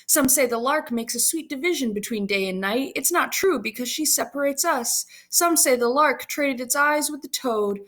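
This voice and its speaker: A woman's voice: moderate pace, hardly any pauses, a bit bright. A woman reading the part of a young lovesick girl, pleading and emphatic. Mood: urgent. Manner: pleading, rising high and emphatic.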